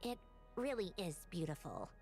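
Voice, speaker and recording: A woman voicing a thoughtful young woman in a game, speaking in a measured, reflective way. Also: lowish voice, huge pitch swings, gravelly, over music, heavily acted. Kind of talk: game dialogue.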